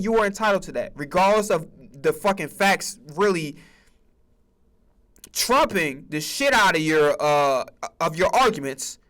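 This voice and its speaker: A man's voice: sits high, fairly bright tone. A man hosting a sports stream, ranting heatedly about football with constant swearing and stammered repeats. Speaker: sports streamer and podcast host. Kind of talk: profane sports rant.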